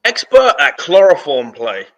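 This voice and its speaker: A man playing as a comedian panelist on a comedy game show, firing off blunt, dark one-liners. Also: a little high, sing-song, measured pace, highs cut off.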